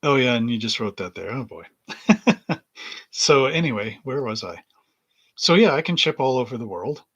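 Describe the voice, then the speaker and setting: Chatty hobby-shop host. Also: male voice, medium pitch, lively intonation, normal speed, fairly bright tone, husky, muffled recording. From Canada. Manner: rambling, reads chat aloud, chuckles often. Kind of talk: casual live-stream chat.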